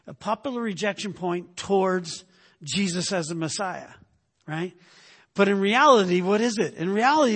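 A man's voice: sits high, a bit bright, breathy edge, in a large hall. A male pastor preaching a sermon, emphatic, often tagging his points with "right?".

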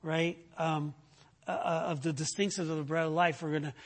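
A man delivers a teaching sermon in a high, husky voice. He quizzes his listeners with "right?" and "what?", and climbs in pitch as he drives a point home. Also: brisk. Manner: teaching with frequent "right?" check-ins and rhetorical questions; animated, rising in pitch when making a point. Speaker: preacher.

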